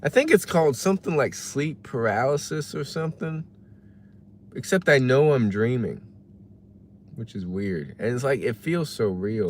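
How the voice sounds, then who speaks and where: A man's voice: mid-range voice, vocal fry, darkish tone, a little hiss or hum. A man casually chatting on a livestream, musing and reading chat messages aloud from his parked car. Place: parked car while waiting for delivery orders.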